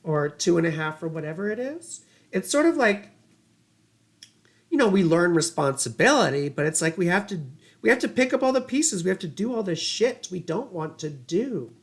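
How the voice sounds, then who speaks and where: A woman's voice: on the low side, sing-song, normal speed. A woman astrologer giving casual livestream chart readings, rambling and chatty with laughing asides and casual swearing.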